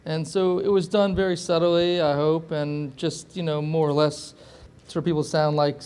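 A man's voice: on the high side, level tone, moderate pace, a little mellow, smooth. A male actor answering an interview question hesitantly, with lots of fillers and hedging.

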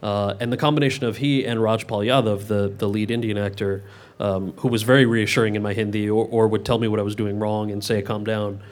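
A man's voice: lowish voice, steady tone, fast. A man in his thirties answering audience questions at a Q&A, rambling and correcting himself as he goes. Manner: rambling, self-correcting, many restarts. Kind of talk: Q&A event.

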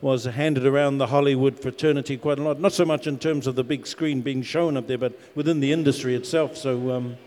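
A man from New Zealand, an actor, telling easygoing stories on a panel with many pauses and fillers. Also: mid-range voice. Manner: relaxed storyteller, self-deprecating, lots of uh and um. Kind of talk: panel Q&A answers. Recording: long hall reverb.

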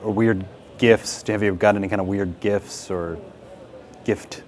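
A man's voice: lowish voice, fairly even intonation, a little slow, a little mellow. A man co-hosting a talk show who asks his guest curious, hesitant questions. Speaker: host. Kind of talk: interview questions.

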